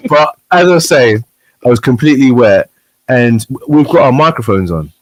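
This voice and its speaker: A man's voice: mid-range voice, animated, moderate pace, no echo. A man, a guest on a chat show, telling a story animatedly and acting out the voices of the people in it. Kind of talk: casual chat.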